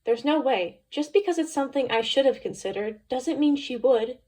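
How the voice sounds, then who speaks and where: A woman's voice: high-pitched, animated, normal speed, darkish tone. A woman reading a novel aloud in the first person, with an anxious, introspective telling. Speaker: audiobook narrator.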